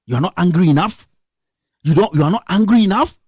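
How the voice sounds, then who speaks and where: Fired-up Ghanaian man, animated and dry. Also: sits high, fairly quick, long pauses, breathy edge, no echo. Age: young adult. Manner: impassioned, scolding, rhetorical questions. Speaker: radio commentator. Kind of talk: political rant on a live stream.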